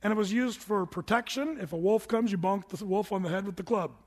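A man's voice: sits high, a little fast, a little mellow. A man preaching a sermon to a congregation, telling stories in a conversational way and asking them questions. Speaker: pastor. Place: church hall with congregation. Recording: long hall reverb from a church room.

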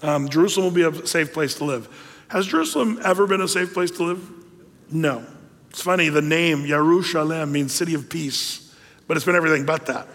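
A male pastor delivers a sermon in a relaxed, conversational manner, full of fillers and side remarks. His voice sits a little high for a man. The sound carries a long reverb, as in a church hall. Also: a little fast. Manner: conversational, many fillers and asides.

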